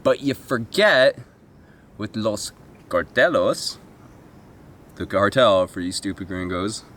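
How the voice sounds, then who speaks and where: A man's voice: medium pitch, fairly bright tone. A man telling a comic travel story as a vlogger, rambling and swearing, with self-mocking asides and mimicked voices.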